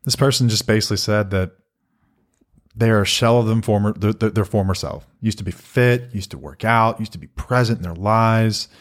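Middle-aged man, podcast co-host, lowish voice, earnest and reflective, reads questions aloud. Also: moderate pace. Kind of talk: casual podcast conversation.

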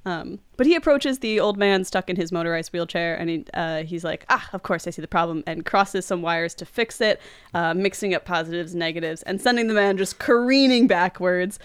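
Smooth-voiced woman chatting on a podcast. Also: on the low side, dry recording, clean studio sound. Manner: chatty, giggly, recounts scenes with quick asides. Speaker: podcast host. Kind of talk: casual chat recapping a film.

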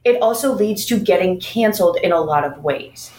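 A woman co-hosting a book podcast, talking in casual chat. She gives blunt, emphatic advice in a mid-pitched voice. The sound is roomy, with noticeable echo. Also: animated, normal speed, darkish tone. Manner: emphatic, advising directly. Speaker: podcast co-host, author.

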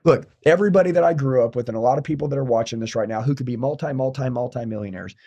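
Man, interview guest, rapid and profane motivational talk, husky and dark-toned. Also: mid-range voice. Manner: intense, blunt and profane.

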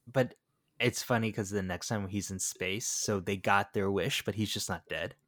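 A man co-hosting a casual movie review podcast, jokey, quick to laugh and to get loud when excited. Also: on the low side, no echo, studio quality. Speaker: podcast co-host.

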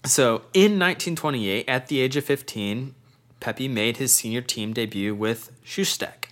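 A man chatting casually as a show co-host, his voice sitting at an ordinary middle pitch. He lays out facts one by one in a laid-back, easygoing way. He breaks off now and then to laugh with his partner. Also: measured pace, a bit bright. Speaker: podcast co-host. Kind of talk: casual chat.

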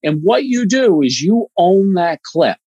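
A man's voice: high voice, sing-song, measured pace, mellow, highs cut off. A man guest on a podcast, explaining cause marketing ideas in a chatty, casual way with lots of fillers and examples.

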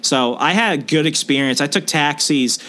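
A young man telling a story in a casual podcast chat, animated and quick to act out the people he quotes. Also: fairly high pitch. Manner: animated, acts out quoted people in put-on voices. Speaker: podcast co-host.

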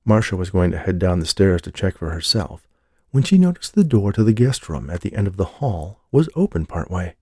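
Deep, gravelly man narrating a story. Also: big pitch swings, a little fast, darkish tone, dry recording, clean studio sound. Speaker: audiobook narrator. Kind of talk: scripted narration.

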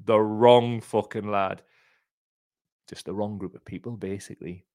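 A man's voice: fairly low pitch, steady tone, a little slow, darkish tone, no echo, studio quality. A man hosting a casual livestream, rambling, heartfelt and sweary. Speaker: podcast host.

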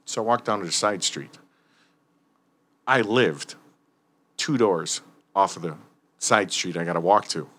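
A man's voice: low-pitched, a little slow, pauses often. A man telling firefighting stories in casual, profane chat, acting out what people said. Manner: animated, profane, acts out quotes.

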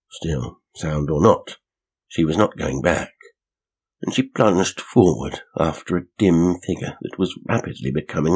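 A man reading a vintage mystery story aloud in a measured narration. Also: rumbling low, breathy edge.

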